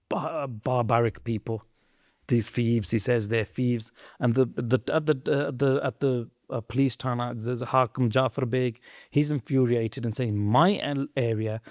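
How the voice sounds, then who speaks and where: A man telling a historical story in a podcast conversation, earnest and preachy, swinging between loud emphasis and quiet asides. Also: medium pitch, no room sound, clean studio sound.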